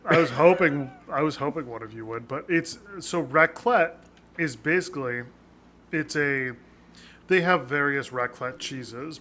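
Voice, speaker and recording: A man's voice: medium pitch, bright, forceful tone, slight background noise. A man co-hosting a podcast, chatting casually and rambling, with some swearing. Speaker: podcast co-host. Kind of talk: casual chat.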